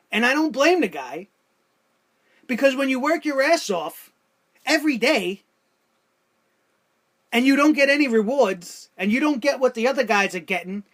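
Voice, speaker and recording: A man's voice: extremely high pitch, fairly bright tone. A man hosting a wrestling review show, ranting with exasperated rhetorical questions, sarcasm and swearing. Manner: profane.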